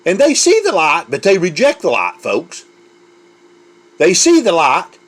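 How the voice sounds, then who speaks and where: A man's voice: high voice, wildly swooping pitch, measured pace, a bit bright. A man preaching an emotional sermon, fervent and given to repeating words as he pushes on.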